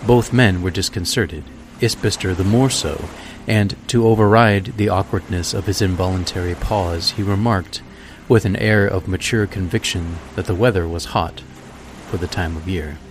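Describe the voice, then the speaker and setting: A man hosting a podcast, reading a classic story aloud in a measured, deliberate way. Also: low-pitched, a little hiss or hum. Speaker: podcast host. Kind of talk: scripted narration of a classic story.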